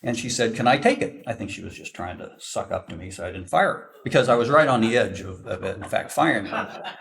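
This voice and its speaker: A man's voice: on the low side, lively intonation, brisk, vocal fry, fairly bright tone. An older man, a veteran forward air controller, telling a self-deprecating story to an audience and acting out the dialogue. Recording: voice from a distance.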